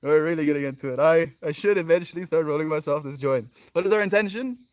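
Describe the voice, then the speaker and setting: A man's voice: fairly high pitch, quick pace, a little mellow, no echo. A man hosting a daily livestream in an emotional, effusive chat, often sighing and laughing as he thanks viewers. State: emotional, near tears. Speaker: livestream host.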